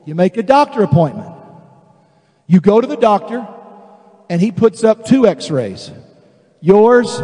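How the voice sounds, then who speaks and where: A male pastor preaching a sermon, animated and emphatic, acting out voices of the people he describes. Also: high-pitched, in a large hall. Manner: animated, acts out quoted voices, builds to emphatic declarations.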